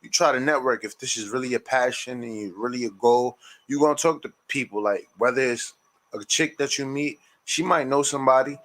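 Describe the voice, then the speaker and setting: A man's voice: mid-range voice, fairly quick, a bit bright, a little hiss or hum. A man, an indie rapper, talking as a guest in a casual interview, laid-back and full of slang.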